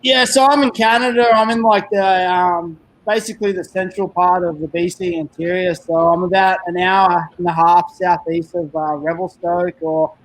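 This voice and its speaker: A man's voice: sits high, steady tone, moderate pace, hardly any pauses, rough recording. A man with an Australian accent chatting casually as a podcast guest, laid-back and upbeat, with surfer slang. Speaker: podcast guest, backcountry snowmobiler. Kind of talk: casual chat.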